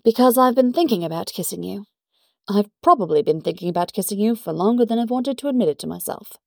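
A woman voicing a brisk, formal English agent who speaks politely and directly. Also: medium pitch, expressive, vocal fry, a little mellow, dry recording, studio quality. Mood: earnest.

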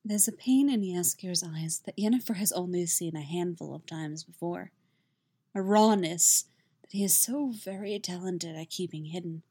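A woman narrating a romance story aloud in an expressive, intimate way. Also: on the low side, normal speed, breathy edge, no echo. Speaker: reader of fan fiction. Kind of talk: audiobook narration.

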